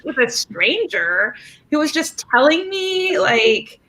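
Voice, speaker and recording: Animated, bright woman telling a story. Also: sits high, slow pace, poor audio. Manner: animated storyteller, acts out both sides of a conversation. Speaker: panelist. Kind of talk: casual anecdote on a panel. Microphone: video call.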